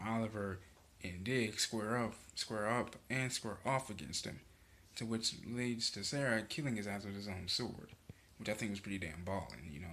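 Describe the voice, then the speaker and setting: A man with a fairly low voice talks through a TV episode in a loose, rambling recap. He leans on "you know" constantly and drops casual profanity. A faint hiss of noise sits under his voice. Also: fairly bright tone. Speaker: show reaction vlogger.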